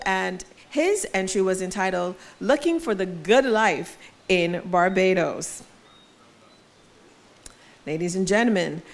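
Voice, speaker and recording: A woman presents at an awards ceremony, reading out categories and entrants in a formal announcer's manner. Her pitch sits mid-range, and she leans into each winner's name with rising emphasis. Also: creaky.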